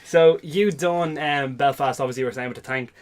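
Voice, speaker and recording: A man hosts a laid-back podcast conversation, nudging his guest along with short prompts. He often jumps in to finish the other man's sentences, and his voice sits at an ordinary pitch. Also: a little fast. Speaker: podcast host interviewing his father. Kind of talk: casual podcast interview.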